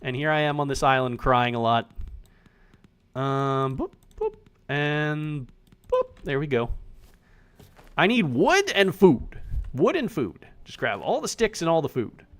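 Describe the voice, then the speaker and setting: A man streaming himself playing an indie survival game, chatting casually with animated, profane, self-mocking commentary. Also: mid-range voice, measured pace, long pauses.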